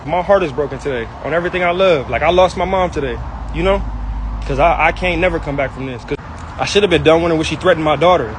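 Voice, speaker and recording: High-pitched, fast-talking man ranting angrily. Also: background noise. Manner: angry, hurt, repetitive, slangy. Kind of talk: heated personal rant.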